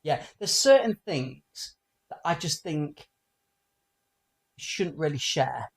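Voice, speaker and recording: A man's voice: fairly high pitch, takes it slowly, vocal fry. A man in his forties co-hosting a casual comedy podcast, telling crude jokes and stories and acting out the voices of the people in them. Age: 40s. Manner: animated storyteller, acting out quoted voices; crude, joking. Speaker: podcast co-host.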